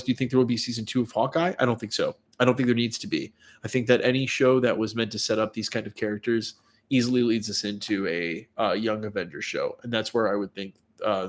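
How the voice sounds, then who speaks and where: A man hosting a casual livestream, congested and stuffy from a cold, chatting with viewers and greeting them by name between frequent fillers. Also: fairly low pitch. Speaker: livestream host. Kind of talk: casual live-chat commentary.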